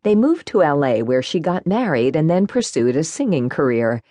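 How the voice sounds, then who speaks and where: A woman narrating a first-person cozy mystery audiobook in an expressive, warm storytelling manner. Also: low voice, normal speed, no echo.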